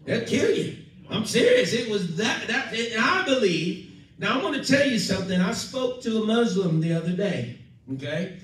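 A male pastor preaches with fervor, now and then acting out the voices of others and pausing for amens. His voice sits high for a man. He is heard from some distance, with heavy church echo all around him. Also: very animated, a bit bright. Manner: preachy, emphatic, acts out quoted voices, calls for amen. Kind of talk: sermon. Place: church sanctuary. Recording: echoey church from far off.

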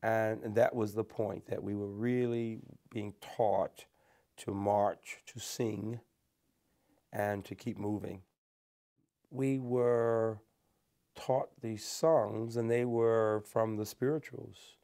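A man's voice: lowish voice, slow pace, vocal fry. An older man, telling a personal story in an interview. He speaks earnestly and lifts his voice to stress points before dropping back down. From Alabama, USA. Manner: earnest and animated, lifts his voice for emphasis then drops it.

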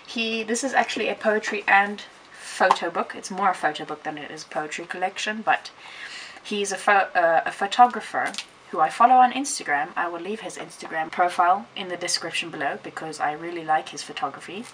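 A woman's voice: fairly low pitch, fairly quick. A woman talking casually in a bookshelf tour vlog, chatty and rambling, often correcting herself mid-sentence. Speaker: vlogger. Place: room at home beside a bookshelf. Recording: distant camera mic with faint hiss.

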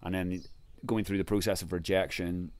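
A man with an Irish accent, a podcast guest telling animated travel stories. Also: sits low, moderate pace. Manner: lively, acts out other people's lines in the story. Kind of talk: animated casual storytelling.

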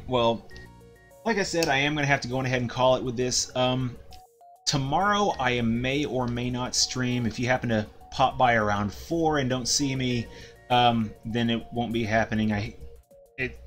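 A man in the middle of his range chats through a live game stream in a loose, unscripted way. He trips over his words and leans on fillers. Soft game music plays faintly behind him. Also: mid-range voice. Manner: casual, stammers and fills with ums. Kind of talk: live gameplay commentary.

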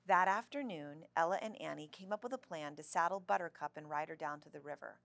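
Brief: woman reads a children's chapter book aloud, low-pitched, gravelly, close and dry. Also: a little fast, hardly any pauses, no room sound. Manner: expressive storybook reading. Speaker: children's story reader. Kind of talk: reading a children's novel aloud.

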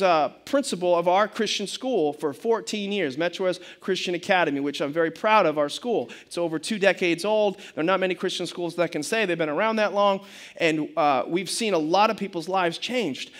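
A middle-aged male pastor delivers a sermon with a fairly high voice. He talks in an animated way and acts out the quotes, stumbling over fillers and restarts as he goes.

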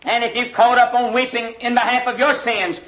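An American man preaches with fervent urgency, driving home his point through pleading, repeated questions. His voice sits very high and rings bright and forceful. The sound comes from an old vinyl record with a roomy echo around him. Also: flat delivery, normal speed. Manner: impassioned, pleading rhetorical questions with repetition. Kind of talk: revival sermon.

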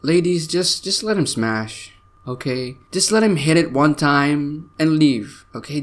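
A man's voice: a little high, animated, measured pace, a bit bright. A man hosting a video, reading tweets aloud and mocking them with sarcastic comments and frequent laughter. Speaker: video host.

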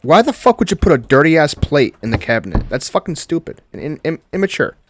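A man's voice: on the high side, very animated, a little fast. Cursing young man playing horror games. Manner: profane, exasperated, talking to himself. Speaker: gaming channel host. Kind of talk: casual horror game commentary.

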